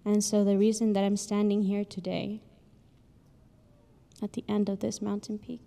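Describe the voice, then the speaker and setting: A young woman giving an emotional graduation speech, telling a story earnestly with pauses, recorded in a large ceremony hall with long reverb. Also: medium pitch, monotone, vocal fry. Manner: earnest, pausing, with soft laughs. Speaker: graduation speaker.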